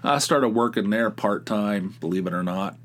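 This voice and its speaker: A middle-aged man with a lowish voice tells a casual story as a podcast host. He rambles and restarts, sounds exasperated, and chuckles at his own anecdote. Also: moderate pace.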